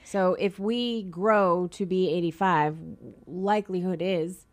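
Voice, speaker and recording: A woman's voice: fairly low pitch, steady tone, slow pace. Chatty woman radio host, Boston accent. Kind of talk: radio interview.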